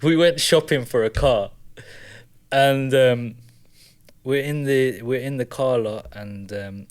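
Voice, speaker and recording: A man's voice: medium pitch, slow. A man chats casually on a podcast. He tells stories with energy and breaks into laughter often. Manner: animated storytelling, laughs often. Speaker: podcast co-host. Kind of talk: casual chat.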